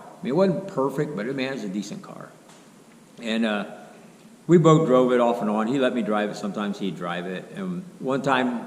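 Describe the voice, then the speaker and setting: A middle-aged man, telling a long rambling story in a casual, folksy way and quoting what others said. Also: mid-range voice. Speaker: car restoration vlogger. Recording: roomy echo, faint background hum.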